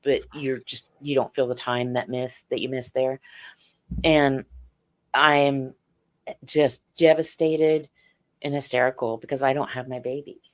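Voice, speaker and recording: A middle-aged woman, a podcast guest, telling a personal story slowly and haltingly, with many fillers and restarts. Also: very deep voice, fairly even intonation.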